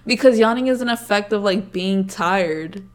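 A young woman co-hosting a podcast at home, talking loosely with plenty of filler words and swearing. Her voice sits in an ordinary middle pitch. She argues her point casually and plainly. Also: normal speed. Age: young adult. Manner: casual, heavy swearing, says "like" a lot. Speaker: podcast co-host. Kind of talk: casual chat.

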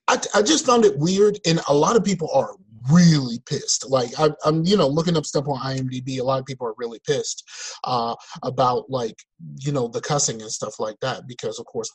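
A man co-hosting a podcast in casual chat, talking in animated, exasperated rants over a remote call. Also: medium pitch, breathy edge, low-quality recording. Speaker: podcast co-host. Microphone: remote call mic.

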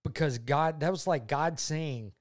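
A man speaking to his daughter, telling his faith testimony in an earnest, heartfelt way, often repeating himself and going quiet when moved. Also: on the high side, measured pace. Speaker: father talking with his daughter.

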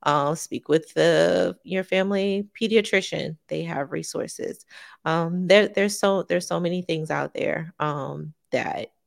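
A woman with a low, gravelly voice talks through parenting advice in a relaxed podcast chat. She is earnest and often stops to restart her sentences. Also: takes it slowly. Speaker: podcast co-host. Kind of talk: casual parenting talk.

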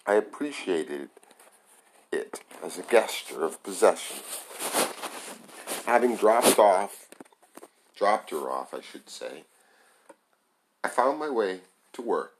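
Guy reading a book out loud, lowish voice, stumbles a bit and fixes it. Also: sing-song, slow, long pauses, slight background noise, low-quality recording. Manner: plain amateur reading with small stumbles and self-corrections. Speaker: reader. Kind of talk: reading a novel aloud.

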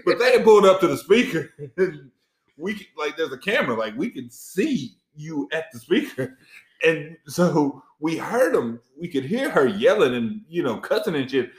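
A man telling stories in a casual chat, animated and profane, laughing often. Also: on the high side, normal speed, roomy sound.

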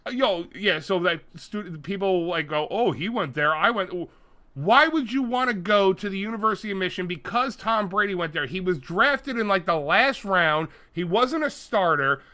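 A man's voice: high voice, lively intonation, normal speed, pushed and bright. A man co-hosting a podcast, chatting casually, rambling through stories and swearing freely. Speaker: podcast co-host. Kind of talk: casual chat.

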